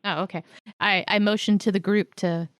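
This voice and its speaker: A woman playing a tabletop game who speaks in a hesitant, halting way. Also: mid-range voice, fairly even intonation, smooth, no echo, studio quality. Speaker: player. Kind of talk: casual tabletop play.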